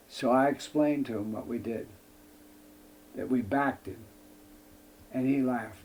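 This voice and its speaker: A man's voice: mid-range voice, unhurried, pauses often, a little mellow, breathy edge. An older man from the United States, a guest in an interview telling a long anecdote in folksy wording with frequent "I says" and acting out other people's lines. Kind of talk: storytelling anecdote.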